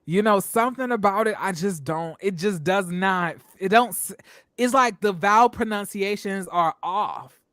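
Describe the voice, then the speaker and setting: A man hosting a casual review show, talking in an animated, emphatic way and acting out what people on the show said. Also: high-pitched, moderate pace, no room sound. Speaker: show host reviewing reality TV. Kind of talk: casual commentary.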